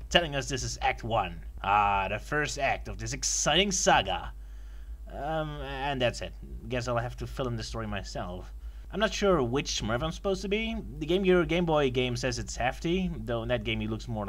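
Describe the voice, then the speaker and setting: A man giving a sarcastic comedic review of an old video game, mock-excited and yelping at it. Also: medium pitch.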